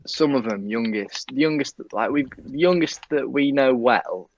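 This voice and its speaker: A man's voice: medium pitch, moderate pace, a little hiss or hum. A young man telling a work story in a casual, rambling way, full of fillers and swearing. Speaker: police staff guest. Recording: dull lo-fi mic.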